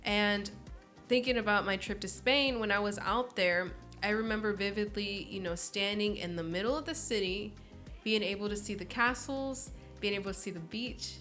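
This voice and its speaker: A woman's voice: mid-range voice, moderate pace, fairly bright tone, soft background music. A woman in her early twenties, a podcast guest chatting casually and telling stories expressively, acting out quoted voices. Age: early 20s. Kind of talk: casual interview chat.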